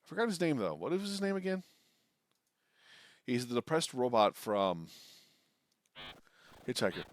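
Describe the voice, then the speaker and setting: A man's voice: medium pitch, moderate pace, long pauses. A man streaming a retro adventure game live, reading its text aloud and chatting to viewers. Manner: animated, swings between reading and reacting. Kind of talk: live game playthrough with narration read aloud.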